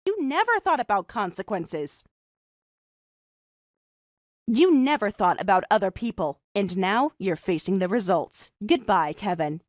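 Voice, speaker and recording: A woman's voice: mid-range voice, sing-song, no room sound, studio quality. Woman as a cool, cutting young woman. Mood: cold mocking. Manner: cool, mocking, measured. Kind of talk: animated story voice acting and first-person narration.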